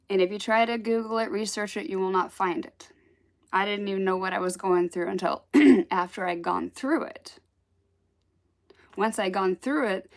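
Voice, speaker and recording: A woman with a gravelly, creaky edge tells a story from her own life in an easy, conversational way. Her pitch sits in the middle for a woman, and she stays animated, lifting her voice into the quoted lines and laughing between them. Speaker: spiritual storyteller. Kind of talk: casual personal storytelling.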